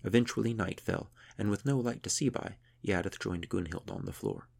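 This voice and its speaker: A man narrating a historical tale in a measured, steady way. His voice sits very low and carries a gravelly fry. There is a husky grain to every line. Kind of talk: audiobook narration.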